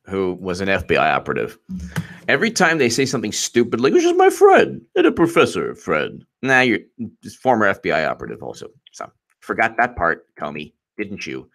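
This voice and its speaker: A man's voice: fairly low pitch, big pitch swings, moderate pace, sharp tone. A man hosting a live-streamed political commentary show, rambling and mocking as he laughs often.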